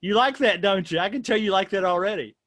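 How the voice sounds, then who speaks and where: Man, host, casual discussion, playful, rambling, higher pitch, dry. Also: quick pace, a bit bright, dry recording.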